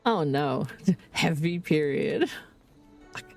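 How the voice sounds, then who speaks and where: Canadian woman streamer, lowish voice, casual game chat, blunt, swears, restarts sentences. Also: animated, slow pace, creaky, darkish tone, soft background music. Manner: candid, swears freely, rambling restarts. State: under the weather.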